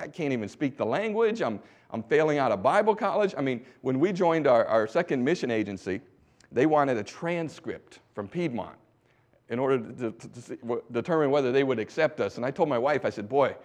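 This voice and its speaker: Preaching a testimony sermon, this middle-aged missionary from the United States urges his congregation on, alternating quiet asides with loud outbursts. He speaks at a medium pitch.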